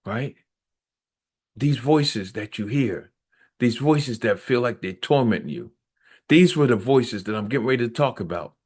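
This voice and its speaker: A man's voice: medium pitch, animated, measured pace, darkish tone, breathy edge. A middle-aged man reads his own memoir aloud and breaks off to preach on it. He speaks with earnest, repetitive, preacher-like emphasis. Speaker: author reading his memoir.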